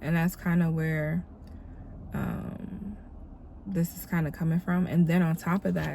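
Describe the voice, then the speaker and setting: A woman's voice: on the low side, little pitch movement, measured pace, gravelly, warm tone, a little hiss or hum. A tired, congested woman who sounds a little nasal, hosting a casual devotional vlog with a reflective, encouraging manner. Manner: reflective, encouraging, many fillers. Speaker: dancer and vlogger.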